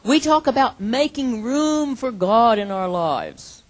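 A woman preaching a sermon in an earnest, emphatic way, acting out imagined prayers and dropping from loud to hushed. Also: a little high, measured pace, few pauses, poor audio.

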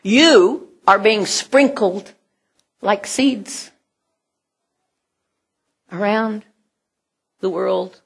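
Slow breathy woman preaching a sermon. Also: medium pitch. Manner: slow and earnest, drops to near whispers, laughs often.

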